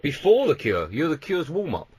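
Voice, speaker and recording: Lively, teasing English radio host. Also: male voice, on the high side, normal speed, husky, no echo. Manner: teasing, laughs easily. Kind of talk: casual radio interview. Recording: dry radio studio.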